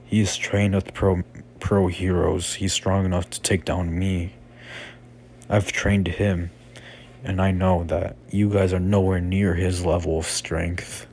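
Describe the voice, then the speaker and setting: A man voicing a stern, plain-spoken male teacher who talks in a flat, matter-of-fact way. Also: deep voice, takes it slowly, a little hiss or hum.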